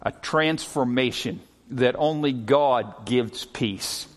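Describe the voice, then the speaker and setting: A middle-aged man preaching a sermon as a pastor, telling stories earnestly and often slowing and dropping his voice for emphasis. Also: high-pitched, expressive, fairly bright tone. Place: church sanctuary. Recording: long hall reverb.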